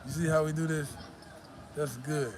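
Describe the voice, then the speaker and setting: A man's voice: on the high side, fairly even intonation, normal speed. Casual male vlogger, worn out after a workout, loose and profane, heavy traffic noise behind him. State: tired after the gym. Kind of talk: casual vlog talk. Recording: loud traffic and street noise.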